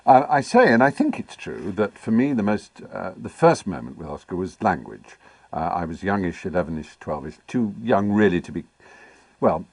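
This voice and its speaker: Deep husky man telling wry stories. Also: moderate pace, no echo. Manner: articulate, wry and animated, with playful asides. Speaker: interview guest. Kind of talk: anecdotal interview storytelling.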